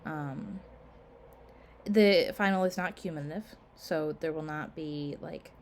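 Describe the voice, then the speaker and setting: A woman's voice: low-pitched, slow, a little mellow, a little hiss or hum. A woman instructor giving a class casual course announcements, full of "um" and "like", tired and yawning. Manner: casual, filler-heavy, frequent "um" and "like". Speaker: college instructor.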